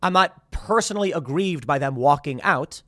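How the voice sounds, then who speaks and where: A man's voice: on the high side, normal speed, no room sound, clean studio sound. Rambling man hosting a commentary show. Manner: rambling, restarts, quotes others in animated asides. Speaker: show host. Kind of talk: casual commentary to camera.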